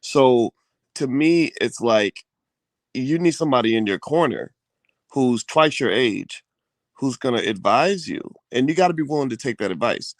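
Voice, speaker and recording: A man in casual conversation, talking in an animated way with frequent restarts and blunt slang. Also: mid-range voice, moderate pace, no echo. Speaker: co-host. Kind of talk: casual chat.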